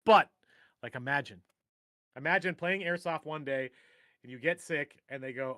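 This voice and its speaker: A man's voice: a little high, moderate pace, long pauses, pushed and bright, dry recording, studio quality. A man co-hosting a livestream, chatting casually and rambling from one joke to the next. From Minnesota. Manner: rambling, jokey, trails off into mumbles. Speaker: livestream co-host. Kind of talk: casual chat.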